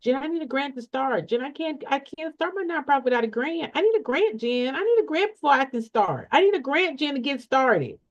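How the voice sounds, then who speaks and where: A pleading, impatient would-be nonprofit founder, put on by a woman, whining the same request again and again. The voice sits higher than usual and softer. The recording sounds dull and lo-fi. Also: very animated, a little fast, hardly any pauses. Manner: whiny, repeating the same plea.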